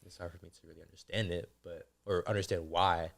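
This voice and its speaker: A man's voice: low voice, flat delivery, fast, vocal fry, fairly bright tone. A young man in casual conversation with his father, reflective and hesitant as he searches for words. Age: young adult. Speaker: podcast co-host, son.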